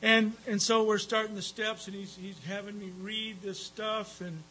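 A man's voice: sits high, fairly even intonation, moderate pace, sharp tone, husky, low-quality recording. A man giving a rambling personal talk at a recovery meeting, with frequent fillers and some profanity.

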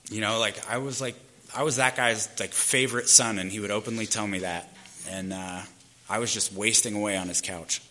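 A man's voice: on the low side, sharp tone, a little hiss or hum. A man in his thirties candidly telling his own life story in a loose, rambling way, peppered with fillers. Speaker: speaker sharing his recovery story.

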